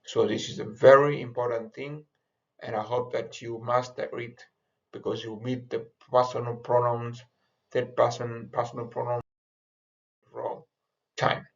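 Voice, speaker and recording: A man explains Greek grammar in a slow, halting lecture full of repeated words. His voice has a gravelly texture. The recording sounds a little dull and lo-fi. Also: medium pitch, flat delivery. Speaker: Greek teacher.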